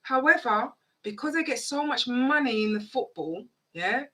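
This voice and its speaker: Emphatic woman co-host, high lively pitch. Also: normal speed. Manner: emphatic, chimes in with agreement. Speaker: radio show co-host. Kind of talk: impassioned show chat.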